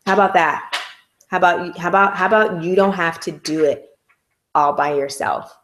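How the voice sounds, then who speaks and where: A woman's voice: fairly low pitch, normal speed, fairly bright tone, slight background noise. A woman vlogger telling a personal story in casual, candid, emotional slang.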